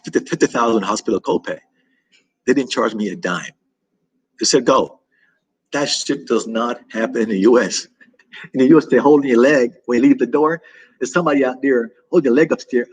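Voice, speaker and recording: A worn-out American man talks loosely to his livestream viewers, circling back and repeating himself. His voice is husky, sits in an ordinary middle pitch, and carries the fatigue of someone recovering from illness. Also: rough recording. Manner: rambling and repetitive, with many restarts and fillers. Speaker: travel vlogger hosting a livestream. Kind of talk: casual livestream chat.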